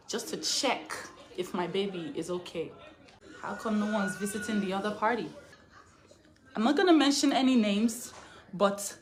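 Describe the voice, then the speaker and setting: A woman giving an emotional personal statement as a mother, talking emphatically and repetitively and building to raised anger. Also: medium pitch. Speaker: mother speaking out in a posted video.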